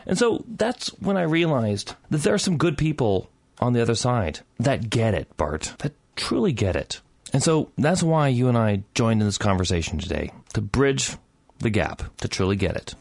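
A man's voice: medium pitch, moderate pace, gravelly, no room sound. A man in his thirties, a bit tipsy, hosts a casual podcast chat. His voice swings up and down a lot, and he jokes and curses freely. The recording is close and dry. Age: 30s. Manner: animated, joking, profane. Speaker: podcast host.

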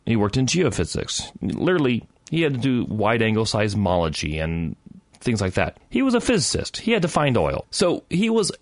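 A tipsy man in his thirties hosting a podcast, talking in an animated, joking, profane way. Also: fairly low pitch, normal speed, no room sound. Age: 30s. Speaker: podcast host. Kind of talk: casual chat.

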